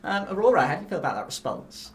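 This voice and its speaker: A woman's voice: medium pitch, big pitch swings, very fast. A woman hosting a comedic dating game in a bubbly, gushing way. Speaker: host.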